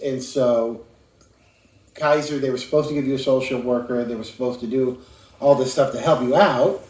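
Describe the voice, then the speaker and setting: A man interviewing calmly, summing up what he hears in short questions. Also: mid-range voice, moderate pace, reverberant, poor audio. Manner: calm, sums up the story in questions. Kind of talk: casual interview.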